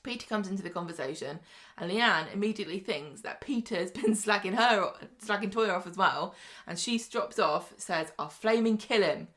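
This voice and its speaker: A woman's voice: medium pitch, fairly bright tone. Chatty woman recapping a soap. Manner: chatty storyteller, quick quoted asides, often laughing. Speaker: podcast co-host. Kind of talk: casual soap-opera recap chat.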